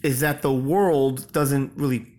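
A man's voice: medium pitch, fairly even intonation, unhurried, a little mellow. A father chatting with his child, asking playful questions and teasing. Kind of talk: casual chat with his child.

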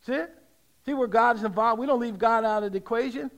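A middle-aged man preaching a sermon, leading call-and-response and rising to shouts. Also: extremely high pitch, fast. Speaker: pastor.

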